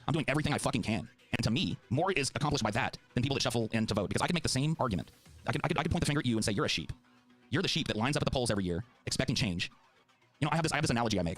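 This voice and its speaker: Brief: middle-aged male debater, low voice, rapid-fire, profane and impassioned. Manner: fiery, profane, heartfelt. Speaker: political debater.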